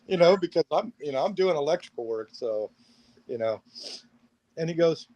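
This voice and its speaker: A man's voice: mid-range voice, lively intonation, normal speed, low-quality recording. A middle-aged man, a paranormal gear builder, telling rambling anecdotes as a guest on a video call and acting out each line of dialogue. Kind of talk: casual storytelling interview.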